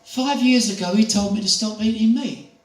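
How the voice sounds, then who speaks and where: A frail, nearly blind old woman, as a man puts her on for a story. Her voice is high and fluting, cooing sweetly. It sounds far from the mic in an echoey room, with a faint hiss behind it. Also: moderate pace, close to an everyday voice. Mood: chatty, doting.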